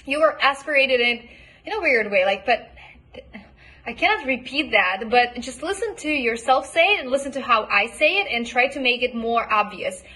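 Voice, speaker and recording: Woman coach, bright tone, fairly high voice, encouraging feedback, repeats words to demonstrate. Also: animated, breathy edge. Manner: encouraging, models pronunciation by repeating words slowly. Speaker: accent coach. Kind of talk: recorded homework feedback.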